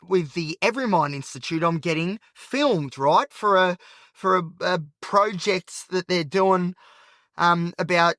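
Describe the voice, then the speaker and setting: An Australian podcast host delivers a frank, rambling solo monologue from his car at night, full of filler and sounding agitated and anxious. His voice sits high, bright and forceful, with a dry, close sound and no echo.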